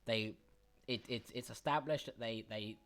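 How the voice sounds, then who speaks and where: A man's voice: mid-range voice, measured pace, a bit bright. A man narrating as game master, explaining rules patiently.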